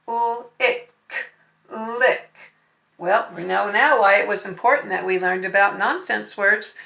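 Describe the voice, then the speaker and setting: This woman's mid-range voice is gravelly, pushed, and bright as she patiently sounds out letters and syllables for first graders. It's a remote phonics lesson recorded at home in a room with noticeable echo.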